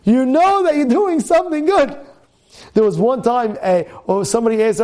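A man's voice: high-pitched, moderate pace, a little mellow. A man giving a rabbi's class on the weekly Torah portion, asking rhetorical questions and repeating words as he builds his points. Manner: acts out students' complaints in a raised voice.

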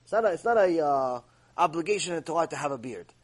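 A man teaching a long religious lecture, telling stories in an animated way and acting out the voices. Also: fairly high pitch, fast. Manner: animated storytelling, acts out voices.

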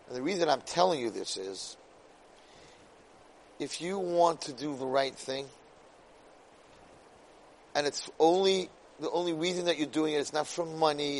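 Rabbi guy telling a story, w words, kinda high voice, jumps all over the place, gets loud and excited. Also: rough recording. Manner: animated storyteller who bursts into loud exclamations. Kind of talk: storytelling Torah talk.

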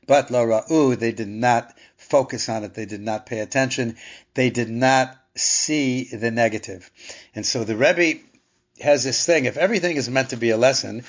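A man teaching a Torah lesson in a conversational, thoughtful way, asking rhetorical questions and restarting phrases. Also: mid-range voice. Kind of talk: Torah class. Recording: dull lo-fi sound.

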